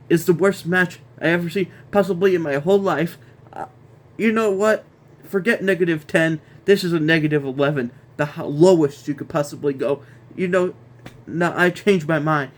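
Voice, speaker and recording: Sounding on the high side, this wrestling review host rants casually and with clear exasperation, going over the same points again and tripping over restarts.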